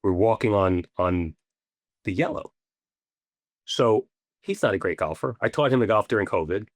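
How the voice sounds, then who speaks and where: A man, a podcast guest, telling stories in a casual, animated way, swearing now and then and acting out what people said. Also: fairly low pitch, normal speed, dry recording, clean studio sound. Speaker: podcast guest, ball marker maker. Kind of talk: casual storytelling interview.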